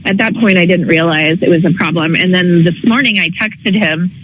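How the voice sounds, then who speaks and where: Woman caller, rambling and halting, filler-heavy storytelling, faint noise behind. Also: lowish voice, poor audio. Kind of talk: phone-in call to a radio show.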